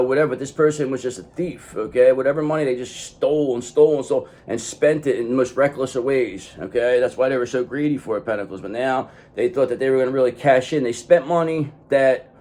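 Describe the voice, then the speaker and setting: A man's voice: mid-range voice, darkish tone. Rambling man giving a casual tarot reading. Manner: rambling, often says "okay"; swears freely. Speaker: tarot reader.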